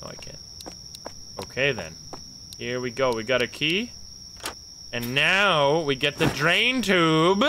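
A man's voice: fairly high pitch, expressive, takes it slowly, pauses often, bright, forceful tone, a little hiss or hum. A man thinking aloud and reacting to the game as he plays, on a live gameplay stream.

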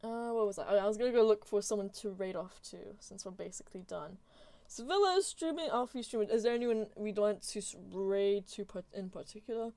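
A woman's voice: mid-range voice, a little fast, warm tone, dry recording. A young woman streaming from home, chatting casually with her viewers while gaming, giggling often and answering chat.

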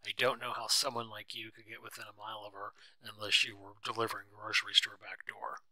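A brash, hot-tempered wealthy husband, read by a man in a storybook reading. He blusters and raises his voice, his tone bright and hard, and the sound is dry and close. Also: lowish voice, flat delivery, fast, no echo. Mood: angry. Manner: blustering, shouts when angry.

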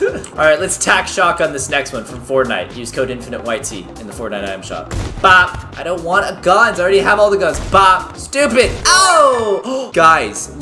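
A man narrating a video game in a hyper, excited rush, his voice leaping up and down as he yelps and shouts. He peppers the talk with little pop sound effects. Game music plays clearly under his voice. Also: a little high. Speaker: gaming video creator. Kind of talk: excited gameplay commentary.

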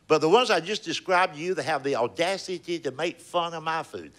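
An older comedian with a slightly high, fairly bright voice speaks a little fast as he spins folksy Southern stories at a comedy club. After his stand-up set he shifts into chat, landing punchlines with a drawl.

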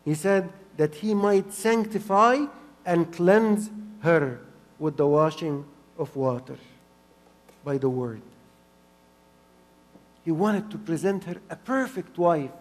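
A man preaching a sermon in an earnest way, repeating phrases for emphasis and swinging between soft and loud. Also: high voice, lively intonation, takes it slowly, long pauses, in a large hall. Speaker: pastor.

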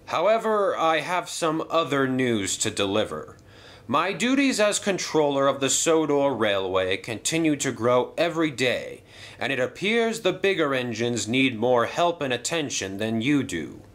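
A man's voice: medium pitch, sing-song, unhurried, a bit bright, voice pushed up. A man voicing a formal, authoritative older male railway boss in a toy train story.

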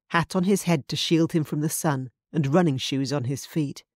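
A woman audiobook narrator reading a contemporary romance in an even, measured scripted narration. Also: sits low, no room sound, studio quality.

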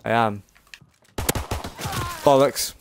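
A man's voice: mid-range voice, very slow, creaky, over music. A man giving casual gameplay commentary as a channel host, frustrated and swearing as he plays. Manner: frustrated, swearing, raging at the game.

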